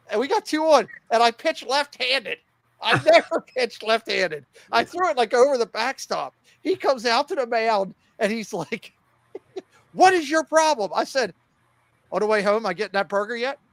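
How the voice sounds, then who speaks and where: Podcast co-host, middle-aged man with a high voice, casual and animated, acts out every quote. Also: creaky, no echo. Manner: animated, laughing storyteller who acts out quoted lines. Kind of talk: casual storytelling chat.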